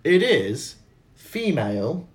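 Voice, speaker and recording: A man's voice: a little high, very animated, slow. Guy hosting a chatty podcast, rambly and jokey, voice goes up and down a lot. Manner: rambling, self-mocking, laughs a lot. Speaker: podcast host. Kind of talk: casual chat.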